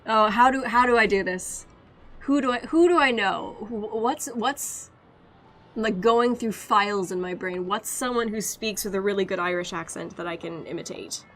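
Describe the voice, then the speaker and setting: A woman's voice: mid-range voice, normal speed, a bit bright. A woman streamer chatting casually and laughing a lot, joking at her own expense. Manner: chatty, giggly, self-deprecating. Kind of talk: casual gaming stream chat.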